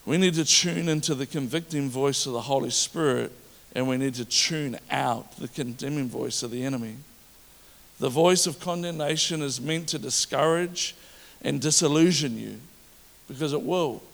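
A man's voice: medium pitch, moderate pace, vocal fry. A man preaching a sermon as pastor, talking directly to his congregation and checking whether they follow him. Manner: animated preaching with audience asides. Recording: long reverb of a large hall.

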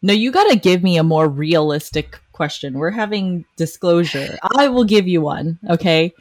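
Woman podcast host, low-ish voice, animated talker, dry close sound. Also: moderate pace, no echo. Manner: animated, acts out quoted lines in other voices. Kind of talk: casual podcast conversation.

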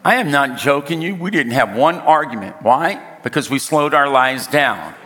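A man preaching a sermon, telling a personal story with humor and emphatic slowdowns. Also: mid-range voice, animated, pushed and bright. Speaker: pastor. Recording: reverberant hall.

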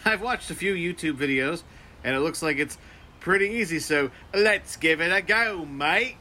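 A man's voice: fairly high pitch, animated, moderate pace, sharp tone, slight background noise. A man voicing a goofy male field correspondent reporting from an outdoor park. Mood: chipper. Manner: overexcited, yelping in pain.

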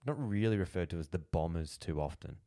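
A man's voice: sits low, a little fast, dark tone, no echo, studio quality. A man with an Australian accent co-hosting a casual podcast, laid-back and blunt, swearing casually. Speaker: podcast co-host. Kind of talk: casual chat.

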